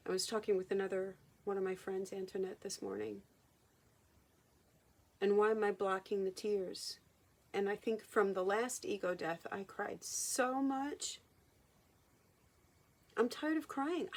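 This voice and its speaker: A woman hypnotherapist speaking in a personal vlog monologue, halting and reflective, often restarting her sentences. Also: medium pitch, fairly even intonation. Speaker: hypnotherapist and channeler.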